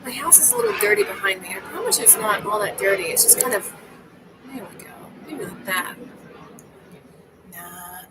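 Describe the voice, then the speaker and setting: A woman's voice: medium pitch, very animated, moderate pace, long pauses, crowd noise, background noise. Rambling woman on a home livestream. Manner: rambling, restarts often, drops into whispers. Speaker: streamer reading chat. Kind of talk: casual livestream chat. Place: her home.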